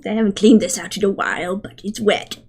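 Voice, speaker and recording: A woman voicing a giant, lonely male creature in a tabletop game, speaking in a low, offhand mutter. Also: fairly even intonation, fairly quick, husky. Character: giant lonely male horgamel, gruff and easygoing.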